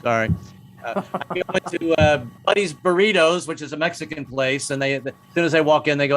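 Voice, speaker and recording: A man's voice: a little high, fast talker, a bit bright, a little hiss or hum, rough recording. An older man doing stand-up comedy, wry and self-mocking, with stammering restarts.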